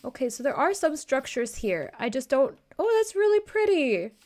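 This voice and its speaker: High-voiced flustered woman streamer. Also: very animated, normal speed, darkish tone. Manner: rambling, flustered, swears freely. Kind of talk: live-streamed game commentary.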